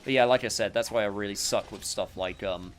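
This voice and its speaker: A man's voice: on the low side, fairly quick. A man giving casual let's-play commentary while he plays, rambling and full of fillers. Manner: rambling, filler-heavy, self-interrupting. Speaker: gameplay commentator.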